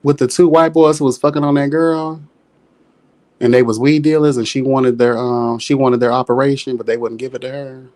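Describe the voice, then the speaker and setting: A man's voice: medium pitch, steady tone, fairly quick, a little mellow. A man co-hosting a casual livestream chat, sassy and playful, calling people child and honey. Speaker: livestream co-host. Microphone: streaming mic.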